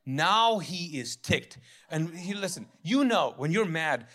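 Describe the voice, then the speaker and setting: Animated man preaching a casual sermon. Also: sits high, a little slow. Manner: animated, acts out voices of biblical figures; conversational, jokey, laughs at his own lines. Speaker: pastor.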